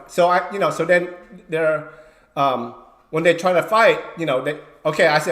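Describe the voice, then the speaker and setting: A man who coaches wrestling, telling a story in casual livestream chat, swearing freely and acting out shouted lines. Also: on the high side, a little slow, roomy sound.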